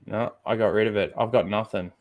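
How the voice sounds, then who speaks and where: A man's voice: on the low side, fairly even intonation, brisk, a little mellow. A man hosting a livestream in casual chat, swearing freely and rambling as he stalls for time. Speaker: livestream host.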